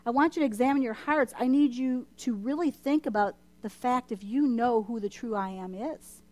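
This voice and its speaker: A woman's voice: a little high, normal speed, a little mellow. A woman preaching to a church congregation, impassioned and emphatic, repeating her points for force. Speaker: church speaker. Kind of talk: sermon. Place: church service.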